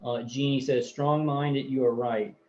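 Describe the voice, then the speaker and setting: A man's voice: medium pitch, steady tone, measured pace, darkish tone, lo-fi sound. A man hosting a casual livestream, reading viewer comments aloud and rambling with hesitations and fillers.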